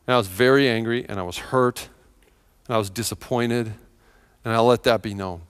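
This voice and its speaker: A man's voice: medium pitch, moderate pace, clean tone, no echo, studio quality. A middle-aged man preaching a sermon to his church, earnest and emphatic, repeating phrases for effect. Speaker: pastor. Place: church sanctuary.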